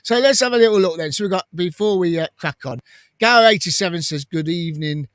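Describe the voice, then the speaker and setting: A man's voice: high-pitched, fast talker, fairly bright tone, no echo. A man hosting a casual live fan stream, reading viewer comments aloud in a chatty way and laughing often. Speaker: fan channel host.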